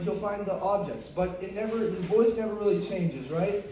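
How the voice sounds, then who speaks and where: A man's voice: high voice, normal speed, mellow, slight background noise. A young man doing a stand-up comedy set on a club stage, rambling and self-deprecating with many fillers. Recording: roomy, distant live club mic.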